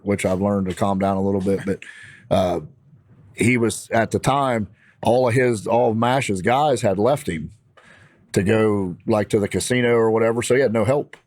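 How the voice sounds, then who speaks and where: A man with a Midwestern American accent telling a story in a casual, animated, fired-up way. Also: fairly low pitch, no room sound, studio quality. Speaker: podcast guest.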